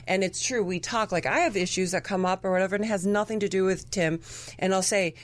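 A woman's voice: medium pitch, quick pace. A woman speaking earnestly and emphatically as a podcast guest, telling personal stories with many "like"s. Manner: emphatic, earnest, says "like" a lot. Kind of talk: heartfelt conversational storytelling.

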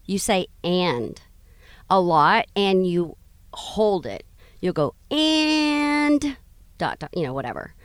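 A middle-aged woman co-hosts a radio show in a casual, teasing way. Her voice sits a little low but moves lively through its range. The sound is close and dry, with no room around it. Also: clean tone, dry recording. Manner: playful, quick to laugh, animated. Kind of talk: casual banter. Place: mobile studio in a vehicle.

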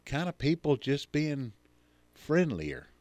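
A man's voice: on the high side, big pitch swings, takes it slowly, a little mellow, no echo. A man hosting a radio show, talking in a folksy, easygoing and chatty way. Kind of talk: casual radio chat. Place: radio studio. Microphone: studio microphone. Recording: dry studio sound.

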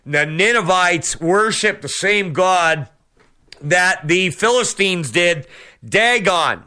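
A fervent male radio preacher whose voice rings bright and forceful. He speaks in a smooth, resonant tone, slightly high-pitched, punctuating every point with amens. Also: animated, takes it slowly. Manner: fervent, peppered with amens and praise the lords. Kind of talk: sermon.

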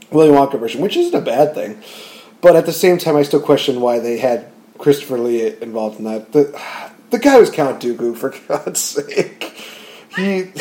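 A man chatting casually about movies, rambling and animated, with frequent fillers and restarts. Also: mid-range voice.

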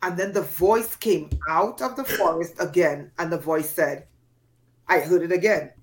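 A woman's voice: lowish voice, unhurried, a little hiss or hum. A woman from Trinidad and Tobago, a podcast guest, telling a dramatic personal story with emphatic, acted-out voices. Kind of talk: storytelling in an interview.

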